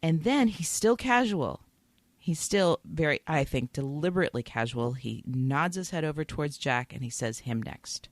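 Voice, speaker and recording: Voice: medium pitch, lively intonation, moderate pace, no echo. A podcast co-host in casual chat, retelling TV scenes with a lot of emotion. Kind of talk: casual chat about a TV episode.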